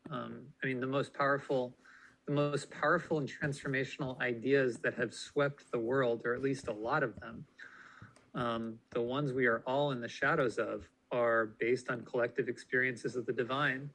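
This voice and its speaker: A man talking reflectively in a group discussion, halting and searching with many fillers. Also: medium pitch, steady tone, a bit bright, slight background noise, rough recording.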